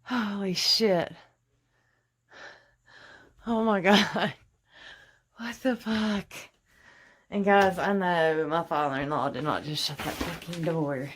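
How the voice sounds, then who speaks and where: Holding her phone as she films her house, a young woman talks in a frantic, rambling way full of swearing. Her voice is husky and fairly low, with a steady tone, slow delivery and long pauses.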